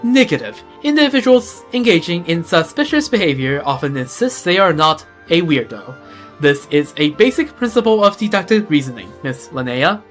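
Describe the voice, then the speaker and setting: A reader voicing a stiff, formal guardian machine that speaks in a clipped, deadpan, legalistic way, in a fan reading of game dialogue. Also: mid-range voice, normal speed, soft background music, lightly acted. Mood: stern.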